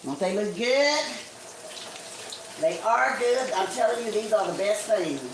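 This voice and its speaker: A woman's voice: mid-range voice, expressive, a little slow. A woman, talking viewers through a recipe in a casual, homey live cooking stream from her kitchen. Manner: chatty and homey, calls viewers honey and guys. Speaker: home cook streaming live. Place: home kitchen, frying on the stove. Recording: faint kitchen noise with frying sizzle.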